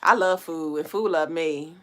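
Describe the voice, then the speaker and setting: A woman's voice: deep voice, normal speed, a bit bright. A woman hosting a casual livestream, reading out viewer comments and talking straight to her chat in a loose, playful way, with speech.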